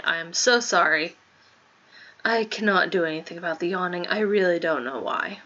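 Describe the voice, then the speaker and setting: A woman's voice: on the low side, normal speed, bright, forceful tone, dull audio. A woman streaming herself reading a visual novel aloud, chatting casually and apologizing as she goes. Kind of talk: casual chat between voiced game lines. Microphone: home desk mic.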